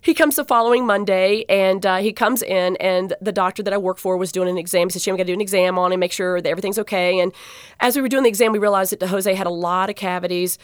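A woman who works as a dental assistant, telling a personal patient story in an interview, heartfelt and animated, with many fillers and restarts. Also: mid-range voice, fast, smooth, no room sound, clean studio sound.

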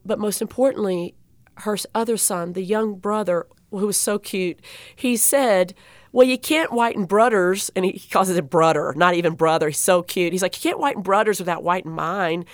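A woman guest telling a personal story in an interview, animated and getting choked up. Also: mid-range voice, fairly quick, dry recording. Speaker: guest speaker.

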